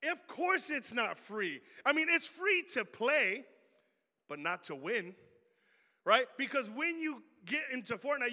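A young man with a high, bright voice gives a youth sermon in a large hall, and his words ring out with a long echo. He talks in a loose, slangy way and keeps throwing questions at the crowd. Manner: casual and slangy, quizzing the audience. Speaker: youth pastor. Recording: reverberant hall.

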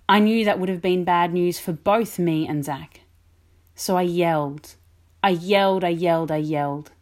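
A woman's voice: lowish voice, darkish tone. Reflective woman vicar preaching. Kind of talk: sermon.

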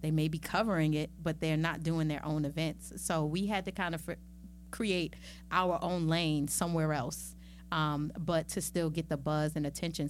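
A middle-aged woman talking as a podcast guest in a casual, lively and playful way, with chatty asides. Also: low voice, a little hiss or hum. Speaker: podcast guest, magazine founder. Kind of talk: casual conversational interview.

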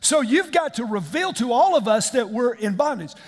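A middle-aged man, preaching a sermon as a pastor, animated and calling out questions to the congregation. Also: extremely high pitch, moderate pace, big-room sound.

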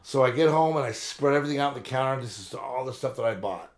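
A man's voice: medium pitch, expressive, fast talker. A man in his fifties on a podcast, telling long, rambling, profane stories in casual chat. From Southern California. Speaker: podcast co-host.

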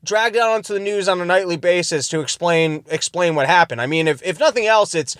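High-voiced man ranting sarcastically. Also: brisk, a bit bright, no echo, studio quality. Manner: rambling, sarcastic, self-interrupting. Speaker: podcast host. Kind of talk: casual comedic commentary. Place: in his car.

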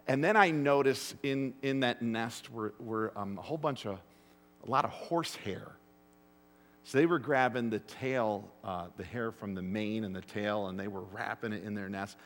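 A pastor with a lowish voice preaches a sermon to his congregation at a moderate pace. He weaves in stories and repeatedly puts rhetorical questions to the room. A long hall reverb colors the recording.

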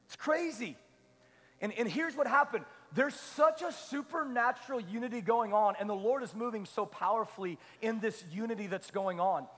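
A male pastor with a high, light voice preaches with rising energy, repeating phrases and tossing questions out to the room. His voice carries a long hall reverb around it. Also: normal speed. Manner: energetic, repetitive preaching with call-and-response questions. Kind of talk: sermon.

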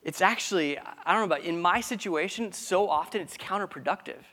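A male pastor preaches conversationally, his voice a little high for a man, pushed and bright. He often restarts phrases mid-thought and keeps checking in with the congregation through quick questions.

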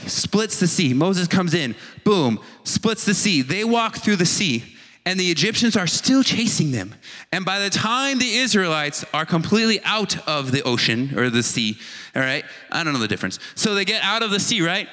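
Animated preacher man in a big hall. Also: sits high. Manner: casual, animated storytelling with playful voiced asides. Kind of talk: sermon.

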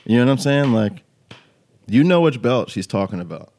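A man's voice: medium pitch, expressive, moderate pace, a little mellow. A man in his late twenties hosting a podcast, telling stories loosely with lots of "like" and "you know what I'm saying". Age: 20s. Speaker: podcast host. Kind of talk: casual chat.

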